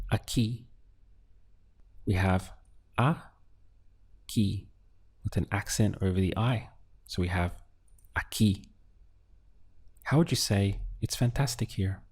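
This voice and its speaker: A man teaching useful phrases in a slow, clear lesson, giving prompts and then the model answers. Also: on the low side, animated, a little mellow. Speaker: language teacher. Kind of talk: audio language lesson.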